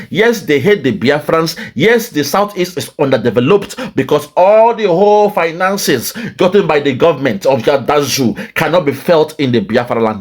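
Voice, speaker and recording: Impassioned Nigerian man, lively pitch. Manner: emotional, sighing, repeating phrases. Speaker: commentator. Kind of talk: impassioned political commentary.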